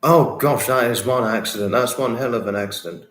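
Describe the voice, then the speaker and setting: A man hosting a livestream, chatting warmly with viewers and reading their comments, effusive and sympathetic, often repeating himself. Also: mid-range voice, brisk. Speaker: livestream host. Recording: roomy echo.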